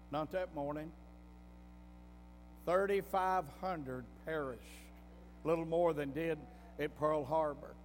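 A preacher delivers his sermon like a folksy story, his fairly high voice climbing into emphatic bursts. The voice rings through a hall with a long reverb while soft music plays underneath.

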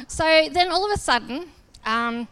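A woman giving a sermon testimony, a casual, self-deprecating storyteller who acts out the dialogue. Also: high-pitched. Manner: lively storyteller acting out dialogue. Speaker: church speaker.

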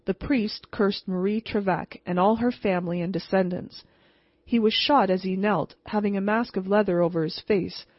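A woman reading a ghost story aloud in a steady, measured way. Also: medium pitch, slightly rough, no echo. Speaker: audiobook reader. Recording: slightly muffled, dry recording.

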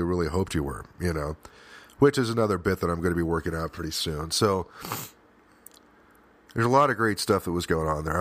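A man with a very low voice talks through a personal podcast monologue. He speaks earnestly and with plain emotion, often stopping and starting again mid-thought. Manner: frequent restarts and fillers, swears at times. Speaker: podcast host.

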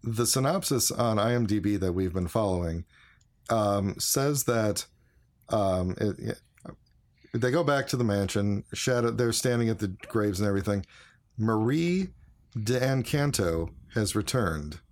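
A man's voice: lowish voice, expressive, a little slow. A man co-hosting a casual podcast, retelling a movie's plot in a plain, matter-of-fact way. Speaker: podcast co-host. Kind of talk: casual movie recap chat.

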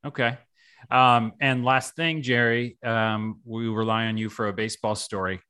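A man's voice: mid-range voice, steady tone, moderate pace, bright, forceful tone, clean tone. A man hosting a podcast, talking loosely and casually with lots of fillers. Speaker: podcast host.

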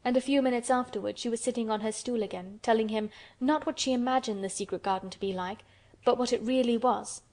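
A woman narrating a classic children's novel as an audiobook, in a gentle, even storytelling manner. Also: on the high side, fast talker.

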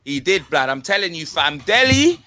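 A young man with a London accent, hosting a football podcast in slangy, animated banter. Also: on the high side, moderate pace, dry recording. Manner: slangy, animated banter with constant tag words. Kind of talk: casual chat.

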